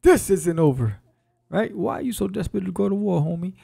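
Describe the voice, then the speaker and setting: A man's voice: sits high, expressive, brisk, gravelly, warm tone, husky, voice pushed up, full character voice. A man doing a swaggering, slangy young king. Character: brash confused young male king.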